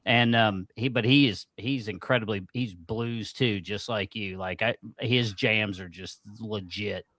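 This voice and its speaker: A man hosting a podcast in casual chat, rambling with many pauses and fillers, friendly and profane. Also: on the low side, a bit bright, dry recording, studio quality. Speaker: podcast host.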